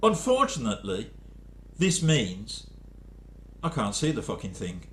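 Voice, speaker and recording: A man's voice: mid-range voice, huge pitch swings, measured pace, a bit bright. An English man talks loosely about his short comic poems and reads them out. His humour is dry and self-deprecating, and he wanders into rambling asides. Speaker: poet. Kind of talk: casual spoken-word talk reading short comic poems.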